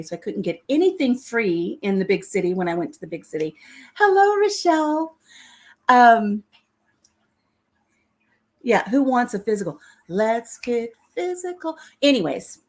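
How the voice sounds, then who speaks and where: A middle-aged woman vlogging from her home kitchen, telling self-deprecating stories to her viewers and laughing often. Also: mid-range voice. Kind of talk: chatty storytelling to live viewers.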